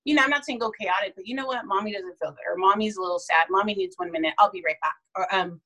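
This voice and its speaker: A woman's voice: mid-range voice, quick pace, sharp tone, low-quality recording. A woman chatting casually about parenting, telling stories and acting out little quoted voices along the way. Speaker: parenting guest. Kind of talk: casual podcast chat.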